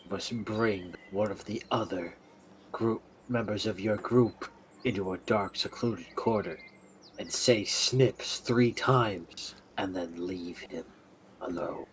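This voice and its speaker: A man voicing a creepy, sneaky creature who threatens slowly and speaks of himself in the third person. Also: lowish voice, a little hiss or hum. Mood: threatening.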